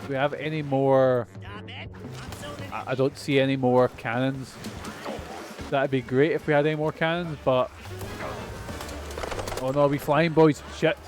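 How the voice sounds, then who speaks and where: A man's voice: mid-range voice, level tone, unhurried, long pauses, music in the background. A Scottish man streaming a game, rambling and chatting casually while swearing now and then. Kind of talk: casual gameplay chat.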